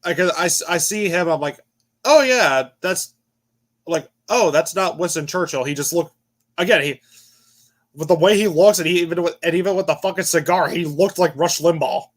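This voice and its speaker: A man's voice: a little high, a little fast. A tired man giving a casual movie review on a panel, rambling and restarting his sentences. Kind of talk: casual chat.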